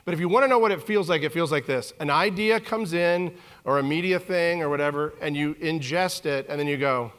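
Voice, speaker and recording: Animated man giving a keynote. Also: on the high side, quick pace, smooth. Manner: animated, joking with the audience. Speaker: keynote speaker. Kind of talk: live keynote presentation. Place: conference hall stage.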